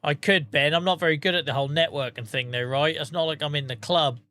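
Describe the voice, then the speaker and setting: A man's voice: on the high side, steady tone, fast, bright, forceful tone. A tired man chatting casually to viewers on a live stream, rambling, swearing freely and laughing at himself. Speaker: game streamer.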